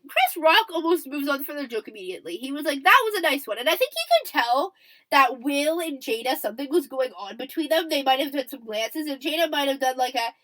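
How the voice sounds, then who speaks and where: A woman's voice: high-pitched, animated, a little fast, fairly bright tone, poor audio. A young adult woman hosting a casual commentary podcast, chatty and checking in often with "okay?" while acting out what people said. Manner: acts out quoted lines and laughs. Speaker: podcast host.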